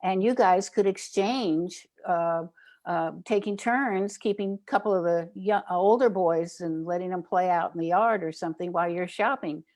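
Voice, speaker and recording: Woman, older, low voice, interview guest, storyteller, acts out quotes. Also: moderate pace, darkish tone. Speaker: guest, child safety advocate. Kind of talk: interview anecdote telling.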